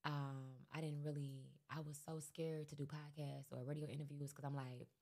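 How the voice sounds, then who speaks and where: Appearing as a podcast guest, this female rapper speaks at a moderate pace in a voice that sits low. She chats in a laid-back, meandering way, leaning heavily on fillers throughout the interview.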